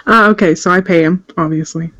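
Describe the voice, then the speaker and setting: A woman's voice: on the low side, a little fast, fairly bright tone, muffled recording. A woman from Canada playing a tabletop game, giggly and self-conscious. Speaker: player. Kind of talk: casual tabletop play.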